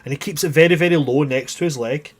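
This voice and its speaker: A man's voice: a little high, fast talker, husky. A man acting as game master, narrating a tabletop game in vivid, grisly detail, sometimes restarting his sentences.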